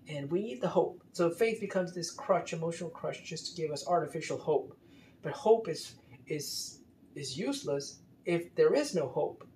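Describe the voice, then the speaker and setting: A man's voice: fairly high pitch, animated, normal speed, a little mellow. A man giving unscripted commentary, emphatic and exasperated, often stumbling into repeated restarts. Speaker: commentator critiquing a religious article. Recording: roomy echo, faint background noise.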